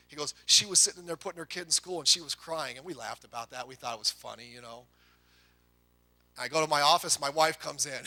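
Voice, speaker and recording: Middle-aged guy preaching, high voice, homey little stories and side jokes. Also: sharp tone. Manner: folksy storytelling with quick asides. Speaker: pastor. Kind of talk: sermon.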